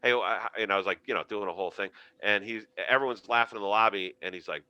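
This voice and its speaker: Bright, animated storytelling man. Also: lowish voice, fast, few pauses, clean tone, no echo, highs cut off. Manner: animated storyteller acting out quoted voices. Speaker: comedian guest. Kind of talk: casual storytelling chat.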